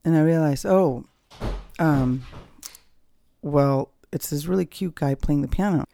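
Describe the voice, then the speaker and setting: A woman's voice: deep voice, measured pace, creaky, warm tone, slight background noise. A woman hosting a personal podcast from home, talking candidly in a rambling, reflective way with many fillers and restarts. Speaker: podcast host. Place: at home, dogs nearby.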